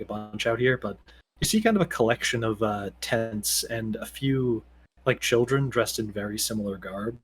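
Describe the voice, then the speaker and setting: A man's voice: lowish voice, a little hiss or hum. A man narrating as game master for a tabletop game, casual and rambling with many fillers.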